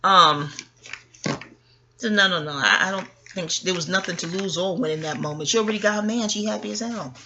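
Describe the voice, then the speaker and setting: A chatty woman rambles through a reality show review with a bright, forceful tone. She swears freely and keeps turning to the listener with "okay?" asides. Faint noise hums behind her voice. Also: lowish voice, fairly quick, highs cut off. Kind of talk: rambling casual commentary.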